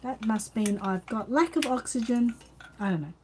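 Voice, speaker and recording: A woman's voice: on the high side, moderate pace, a little mellow, a little hiss or hum. Chatty Australian woman, tired and rambling. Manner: chatty, rambling, reads out viewer comments. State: tired, yawning. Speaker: channel host. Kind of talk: casual live-stream chat.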